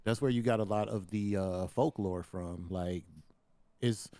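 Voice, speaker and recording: A man's voice: fairly low pitch, unhurried, dark tone, dry recording. A man co-hosting a podcast in casual chat, blunt and laid-back, swearing offhandedly. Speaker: podcast co-host.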